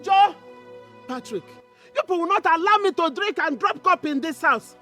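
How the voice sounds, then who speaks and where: A woman's voice: very high-pitched, animated, moderate pace, a bit bright, soft background music. An actress with a Nigerian accent playing a mother who scolds her sons for always fighting. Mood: exasperated. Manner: exasperated scolding.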